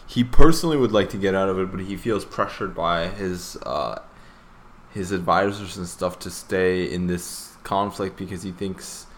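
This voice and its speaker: A man's voice: sits low, normal speed, a little hiss or hum. A man co-hosting a casual podcast chat, blunt and joking, with some swearing. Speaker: podcast co-host.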